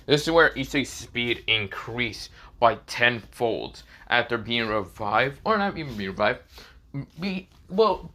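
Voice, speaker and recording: Halting, bright-voiced man retelling a story. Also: mid-range voice. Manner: halting, full of fillers and self-corrections. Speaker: narrator. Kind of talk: casual retelling of a fan story.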